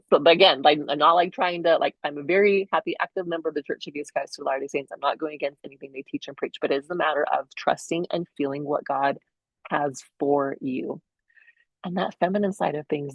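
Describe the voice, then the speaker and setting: A woman hosting her own podcast, talking earnestly and enthusiastically to listeners, sometimes dropping to a soft, hushed tone. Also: sits low, slightly rough, no room sound, poor audio. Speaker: podcast host. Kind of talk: inspirational solo podcast talk.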